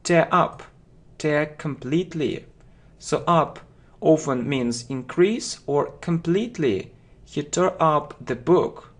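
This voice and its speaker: A man teaching English vocabulary, who says each phrase and then repeats it slowly and deliberately. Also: on the high side, lively intonation. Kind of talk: vocabulary lesson.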